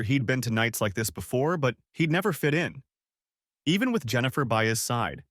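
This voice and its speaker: A man narrating an audiobook story in an expressive storytelling read. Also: medium pitch, dry recording, studio quality. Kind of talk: scripted narration.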